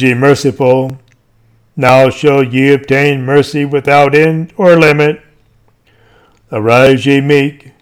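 A man reading a sermon aloud in a solemn, declamatory way, with slow, emphatic calls. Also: on the high side, smooth. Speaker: preacher.

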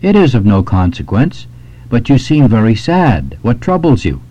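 A man reading the lines of an old parish priest, gentle and reassuring. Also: mid-range voice, huge pitch swings, normal speed. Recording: dull lo-fi recording.

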